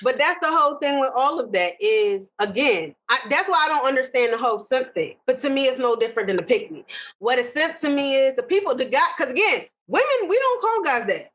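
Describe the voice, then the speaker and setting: A woman's voice: high voice, very animated, a bit bright, poor audio. A woman co-hosting a podcast in casual chat, ranting with strong opinions. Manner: opinionated, ranting, quick asides. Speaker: podcast co-host.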